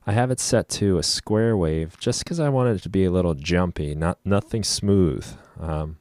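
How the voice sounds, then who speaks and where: A man giving a casual music production tutorial at his computer, explaining each knob in a relaxed way with frequent ums, over loud instrument sounds. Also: sits low, normal speed. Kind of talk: casual screen-recorded software tutorial. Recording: loud instrument demos behind the voice. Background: loud synth and trumpet sounds playing.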